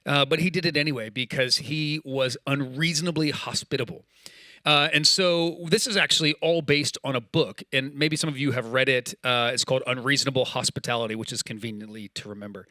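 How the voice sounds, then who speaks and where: Bright-voiced man preaching casually. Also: medium pitch, steady tone, a little fast, dry recording, clean studio sound. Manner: casual, storytelling, acts out quoted dialogue. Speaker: pastor. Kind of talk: sermon with personal story.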